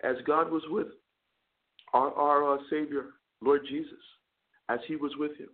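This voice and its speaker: A man's voice: a little high, fairly even intonation, a little slow. A male chaplain hosting a call-in radio show, preaching earnestly and often stammering over repeated words. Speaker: chaplain and talk radio host. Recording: narrow phone-line broadcast sound.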